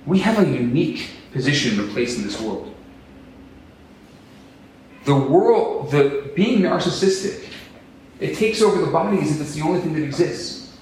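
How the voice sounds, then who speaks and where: A man preaching a sermon as a rabbi, animated and acting out quotes in different voices. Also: a little high, moderate pace, pauses often, a little hiss or hum. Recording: echoey room, distant mic.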